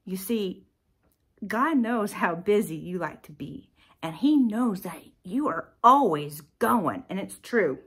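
A woman podcast host telling a personal story in a chatty, animated way, with sighs and filler words. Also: medium pitch, slow pace, breathy edge.

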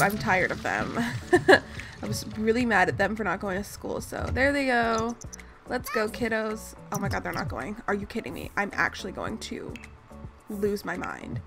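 A woman's voice: on the high side, a bit bright. A woman hosting a gaming channel, giving casual gameplay commentary in a chatty, mock-exasperated way and scolding the characters on screen. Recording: voice over clear background music. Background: background music.

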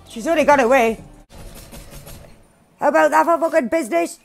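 A woman giving loud, excited gameplay commentary, swearing and shouting at opponents as she plays. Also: high-pitched, fairly quick, gravelly, faint music behind. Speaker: gaming streamer.

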